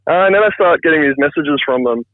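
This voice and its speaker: A man's voice: fairly high pitch, expressive, quick pace, no room sound. A man in his thirties calling in by phone, telling a funny family story in a chatty, self-deprecating way. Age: 30s. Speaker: caller telling a viral story. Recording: tinny phone line, dry.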